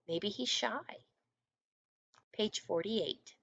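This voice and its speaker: A woman teacher reading a picture book aloud to first graders in an online lesson, gently asking the children questions. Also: fairly high pitch, takes it slowly, vocal fry, long pauses, dry recording.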